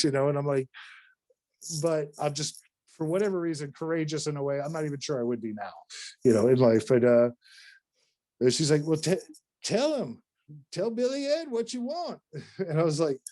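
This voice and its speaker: A man from North Carolina, a podcast guest, telling a long story in an animated, rambling way, with casual swearing and many restarts. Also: a little high, normal speed.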